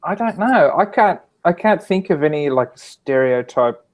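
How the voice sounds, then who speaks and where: An Australian man chatting casually as a guest, measured and pausing with "um" while he searches for words. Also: a little high, animated, lo-fi sound. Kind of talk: casual chat.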